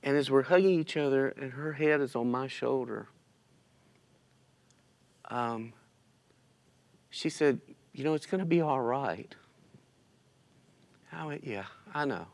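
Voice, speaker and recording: This church member speaks slowly with frequent pauses and vocal fry, his medium-pitched voice carrying a darkish tone. Emotional and close to tears, he recounts a personal loss in a relaxed interview recorded on the church stream, quoting his own words and those of others.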